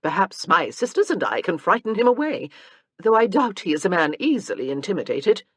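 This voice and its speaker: A woman voicing a spirited, protective gentlewoman in an audiobook. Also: medium pitch, very animated, fairly quick, husky, no room sound, clean studio sound. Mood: wry.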